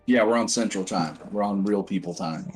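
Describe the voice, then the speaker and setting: Loose, excitable man chatting casually. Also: lowish voice, normal speed, over music, poor audio. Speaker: tabletop game player. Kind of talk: casual chat during a game break.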